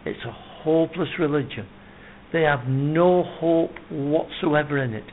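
A man's voice: fairly high pitch, a little slow. A man preaching a sermon in an earnest, emphatic way, reciting scripture at length and building his points with repeated phrases. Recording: tinny phone-like sound with faint noise.

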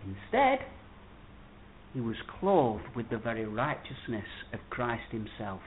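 A man preaching a sermon, emphatic, swinging between loud declarations and hushed words. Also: medium pitch, very animated, takes it slowly, a little hiss or hum. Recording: tinny phone-like audio.

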